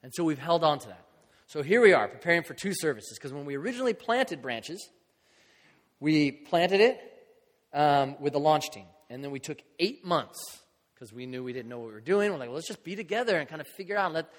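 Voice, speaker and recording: A man's voice: a little high, animated, a little fast. A middle-aged man preaching a conversational sermon, acting out the voices of people in his stories. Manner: conversational, acts out quoted voices. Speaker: pastor. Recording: long hall reverb.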